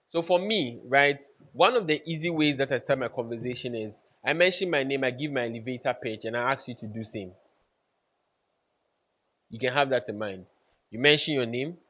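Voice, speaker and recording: A man giving networking advice to camera, emphatic, repeating key points and checking in with his listeners. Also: medium pitch. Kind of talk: casual instructional talk to camera.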